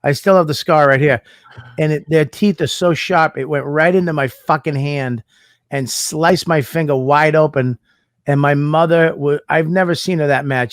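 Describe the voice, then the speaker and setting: A man with a fairly high voice talks at a normal speed, recorded in studio quality with no echo. He's co-hosting a casual podcast chat, telling stories full of swearing and laughter, a profane, laughing storyteller.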